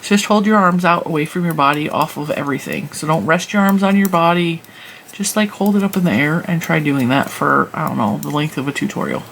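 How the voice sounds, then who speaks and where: Woman, casual yarn-review vlogger, rambling chatter, gravelly fry, faint noise behind. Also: low-pitched, a little fast, a bit bright, poor audio. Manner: chatty, rambling, laughs at herself. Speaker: knitting and crochet channel host.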